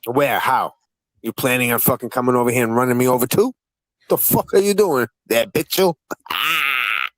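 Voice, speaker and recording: A man running a casual live-stream panel, firing off profane, needling questions at the others. His voice sits at an ordinary middle pitch. The sound is close and dry, with no room echo. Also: normal speed, a bit bright.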